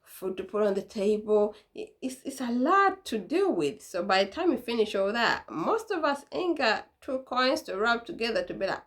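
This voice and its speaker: A woman's voice: a little high, sing-song, normal speed. A young woman talking casually to camera in a vlog, chatty and laughing, acting out what her mom used to say. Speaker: vlogger.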